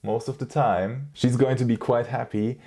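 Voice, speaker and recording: A man's voice: medium pitch, steady tone, moderate pace, mellow. A young man giving dating advice in a blunt, profane, slangy casual monologue. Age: young adult.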